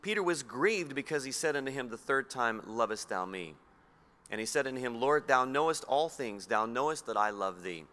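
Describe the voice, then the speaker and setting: A man from Australia preaching a sermon, reading scripture slowly and low and putting questions to his listeners. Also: expressive, sharp tone. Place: church hall. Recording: long hall reverb.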